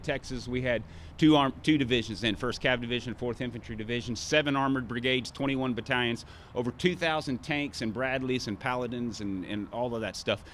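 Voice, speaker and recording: Middle-aged speaker from Arkansas, bright forceful voice, outdoor ceremony speech with faint background noise. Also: male voice, mid-range voice. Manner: commanding drill calls at moments.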